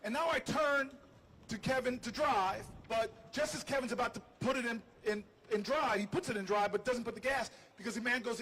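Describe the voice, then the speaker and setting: Man, high voice, animated storyteller, self-deprecating humor, outdoor speech, faint ambience. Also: moderate pace, slight background noise, low-quality recording. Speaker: politician hosting a livestream. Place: outdoors on building steps.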